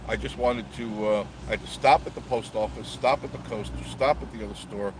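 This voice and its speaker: Speaking briskly in a lowish voice, a man live streams from inside his car, rambling, joking, and replying to viewers' comments. His phone sits on a gimbal, and traffic is clearly audible in the background.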